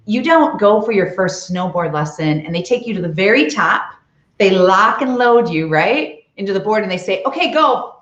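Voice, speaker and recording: Appearing as an interview guest on leadership, this middle-aged woman, an author and chief executive, gives forceful coaching advice and asks rhetorical questions. Her mid-range voice is expressive and a bit bright, moving at normal speed, and the video call sound is roomy, dull and lo-fi.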